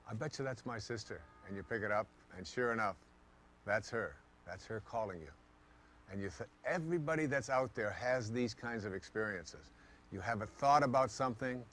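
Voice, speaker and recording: A man giving a motivational talk, telling stories and acting out the thoughts of the people in them. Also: mid-range voice. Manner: storytelling, acting out quoted thoughts in lively voices. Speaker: motivational speaker.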